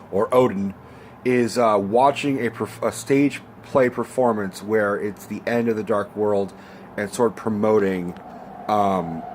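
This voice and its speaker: A man's voice: lowish voice, slight background noise. A man giving a casual, rambling movie review rant, swearing freely and filling gaps with ums and likes. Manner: rambling and profane, full of fillers. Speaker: film reviewer.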